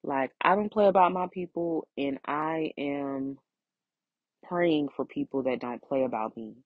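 Woman, podcast host, low voice, emotional and near tears, heartfelt and emphatic, dull lo-fi sound. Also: a little slow, no room sound. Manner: heartfelt, emphatic, repeats phrases. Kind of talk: solo podcast monologue.

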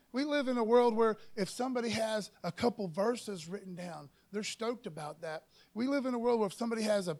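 A man preaching a sermon in a folksy, conversational way, who keeps adding "man" and asking "amen?" and slows down and gets louder when reading scripture. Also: high-pitched.

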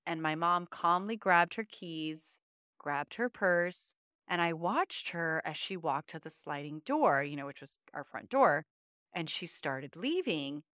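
A woman's voice: sits low, a bit bright, smooth, no echo, clean studio sound. A woman podcast co-host telling a personal story in an earnest, emotional, conversational way. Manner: earnest, emotional, uses many fillers.

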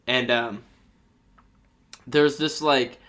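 A man's voice: medium pitch, fairly even intonation, drawn-out words, a bit bright. A young man hosting a podcast, telling a crude story in a rambling way with lots of fillers. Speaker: podcast host. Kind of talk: casual podcast chat.

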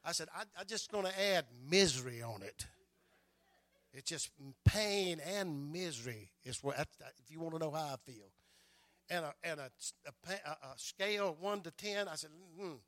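Older preacher telling stories, "amen" after lines. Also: male voice, a little high, animated, moderate pace, a bit bright, no room sound. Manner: storytelling preacher, repeats words and adds "amen" often. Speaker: pastor. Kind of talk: sermon.

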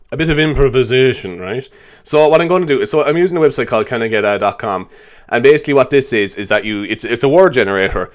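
A man hosting a comedy show, rambling through an improvised monologue in a self-mocking way and laughing often. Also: medium pitch.

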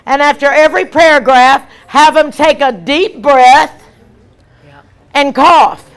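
A woman evangelist, preaching an emphatic, animated sermon with repeated lines. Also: high voice, takes it slowly.

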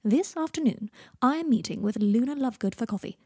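A woman's voice: on the high side, lively intonation, a little fast, warm tone, slightly rough, no echo, clean studio sound. Woman voicing an arch, dramatic young man. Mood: arch, theatrical. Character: young man, theatrical and cheerily gloomy.

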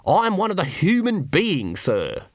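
Male reader doing a cheeky runt of a guard, higher and bouncy, dry booth. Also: huge pitch swings, unhurried, no echo, exaggerated voice. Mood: eager. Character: Nobby, scrawny cheeky male city guard.

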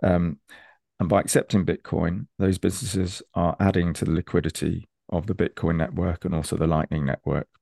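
A man's voice: deep voice, creaky, darkish tone, no room sound, studio quality. A man, an enthusiastic and persuasive consultant explaining ideas on a video call. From United Kingdom. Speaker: Bitcoin consultant.

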